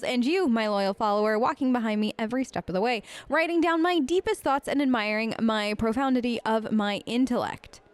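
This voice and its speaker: A woman's voice: a little high, lightly acted. A woman voicing a pompous, self-absorbed female scholar as she reads game dialogue aloud in a lofty, condescending manner.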